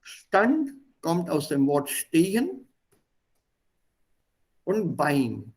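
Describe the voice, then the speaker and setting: A man's voice: a little high, wildly swooping pitch, extremely slow, darkish tone, breathy edge. A man teaching a language, reading a text line by line and then translating and explaining it.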